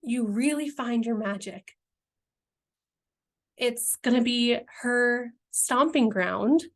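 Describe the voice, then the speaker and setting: Woman, dreamy, earnest, rambling, a bit high-pitched, emotional vlog pitch. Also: slow pace. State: near tears at times. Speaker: entrepreneur presenting her brand vision.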